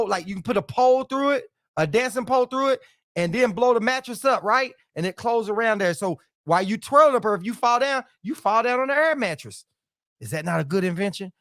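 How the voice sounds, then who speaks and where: A middle-aged man hosts a casual livestream, reading out viewer comments and joking around in a playful way, often repeating phrases. His voice is very high-pitched and a bit bright, recorded clean and dry in a studio.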